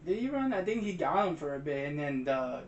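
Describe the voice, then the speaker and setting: A young man co-hosting a movie review, retelling the plot quickly and excitedly. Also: a little high, roomy sound, dull audio. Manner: excited, fast retelling, says "bro". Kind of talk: casual movie chat.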